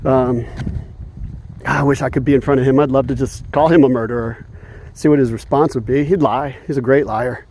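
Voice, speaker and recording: Mellow-voiced man ranting on a walk. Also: mid-range voice, fairly even intonation, moderate pace. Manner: heated and indignant, chuckles often. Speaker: vlogger. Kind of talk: casual rant while walking. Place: outdoors on an evening walk.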